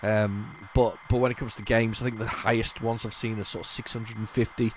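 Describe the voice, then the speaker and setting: A man's voice: on the low side, little pitch movement, brisk, slight background noise. A man hosting a retro computing video, chatting casually and rambling to viewers as he tests old tapes. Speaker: retro computing channel host.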